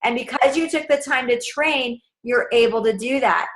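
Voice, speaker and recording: A woman's voice: on the high side, moderate pace, fairly bright tone, poor audio. A young adult woman coaching her sales team in a casual, upbeat, direct way.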